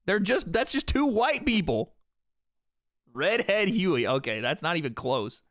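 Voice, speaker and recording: A man's voice: high voice, big pitch swings, unhurried, a bit bright, dry recording, clean studio sound. A young man hosting a livestream, joking and swearing casually as he talks to his chat. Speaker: streamer host.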